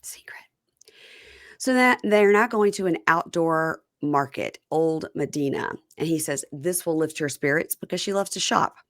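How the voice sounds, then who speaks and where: A woman's voice: low voice, moderate pace, few pauses, no echo, clean studio sound. A woman hosting a podcast, chatting casually and acting out reality TV scenes as she retells them. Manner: animated recapper who acts out the scenes. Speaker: podcast host recapping reality TV. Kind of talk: casual chat.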